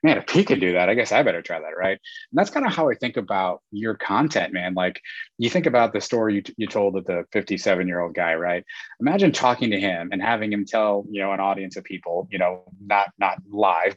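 A man talking fast and rambling as a guest in a casual podcast conversation, often restarting his sentences. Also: fairly low pitch, no room sound. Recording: dull lo-fi dry sound.

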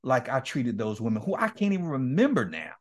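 A middle-aged man speaking as an interview guest, voice at an average pitch for a man. He tells stories with a lot of energy, laughs often, and acts out both sides of remembered conversations. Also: brisk. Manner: animated, laughs often, acts out quoted dialogue. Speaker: guest speaker and men's ministry leader. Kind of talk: candid storytelling in a podcast interview.

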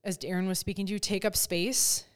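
A woman hosting a casual podcast chat close to the mic, animated and acting out quoted lines. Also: medium pitch, moderate pace. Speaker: podcast host. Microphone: close studio mic.

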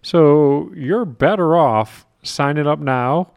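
A man's voice: a little high, slow, vocal fry, darkish tone, no echo. Emphatic man hosting a dry-sounding podcast. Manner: earnest, emphatic, with wry asides and chuckles. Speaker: podcast host and confidence coach. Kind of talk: solo podcast monologue.

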